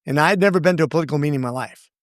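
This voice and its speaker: An earnest man talking at length as a guest on an interview show, circling back and restarting his sentences as he goes. His voice sits fairly high for a man. The sound is dry and close, with no room echo. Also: rapid-fire. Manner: earnest, rambling, with many restarts. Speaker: congressman guest. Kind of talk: casual interview storytelling.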